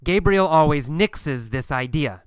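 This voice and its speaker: A man teaching an English listening lesson, speaking slowly and emphatically and repeating key phrases for learners. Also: fairly high pitch, animated, smooth, dry recording.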